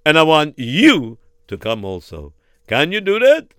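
A man telling a story and acting out the dialogue in an animated, hesitant way with many fillers. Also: fairly high pitch, unhurried, smooth, no echo, clean studio sound.

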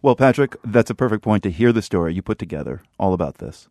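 A man's voice: fairly low pitch, animated, fast talker, a little mellow, no echo. A man hosting a radio show, interviewing a colleague in the studio in a friendly, curious way. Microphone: studio mic.

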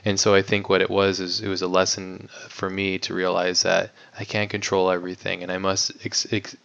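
A man's voice: deep voice, completely flat delivery, brisk, gravelly, a bit bright. A man talking as a guest filmmaker in a casual interview, rambling with lots of "like" and the odd swear word. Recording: dull lo-fi audio.

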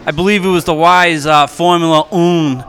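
Brief: bright-voiced man, slightly high, crude joking podcast interviewer, loves swearing. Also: fairly even intonation, moderate pace, faint music behind. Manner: profane, loud and joking.

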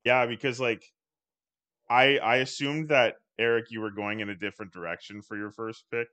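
A man's voice: medium pitch, fairly even intonation, normal speed, pushed and bright. A man chatting casually on a podcast, thinking aloud with many hesitations. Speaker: podcast co-host.

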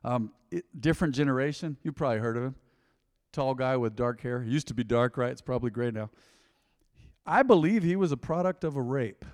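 A middle-aged man delivers a sermon with bold conviction in a church sanctuary. His voice sits at an ordinary male pitch, and his quiet asides build into loud, emphatic calls to the congregation. A long reverb from the hall trails each phrase. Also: animated, brisk. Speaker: pastor.

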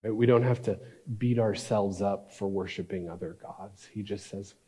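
A man's voice: fairly low pitch, fairly even intonation, moderate pace, breathy edge. Man preaching in a reverberant hall. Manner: storytelling, dramatic shifts between loud and hushed. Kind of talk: sermon.

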